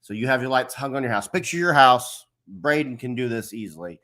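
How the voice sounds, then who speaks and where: A man's voice: medium pitch, lively intonation, fairly quick, a bit bright. A middle-aged man hosting a casual livestream, chatting in a rambling, friendly way and greeting viewers from the chat. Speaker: host of a livestream. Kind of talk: casual live-stream chat.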